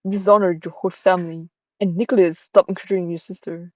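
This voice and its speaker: A woman's voice: on the low side, fairly even intonation, fast, darkish tone, no echo, highs cut off, natural voice. A woman voicing a stern, bitter widowed mother who scolds her grown daughter harshly. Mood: scolding.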